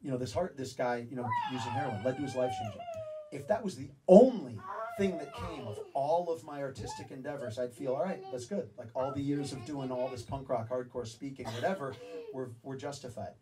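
A man telling an animated story to a live audience, swearing freely. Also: medium pitch. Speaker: speaker at a live event. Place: venue with audience. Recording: distant mic, audience laughing.

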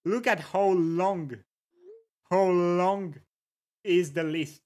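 A livestreamer chats at a relaxed, drawn-out pace over a desk microphone. Viewer names get a quick hello between musings, and funny words get repeated just to savor them. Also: medium pitch. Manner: reads chat aloud and greets viewers between musings. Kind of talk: casual livestream chat.

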